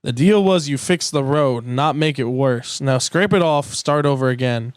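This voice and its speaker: A man voices a stern old race car who lays down the rules. The cartoon car speaks flatly and firmly. It sounds dry and close. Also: medium pitch, moderate pace, smooth, no echo, lightly acted.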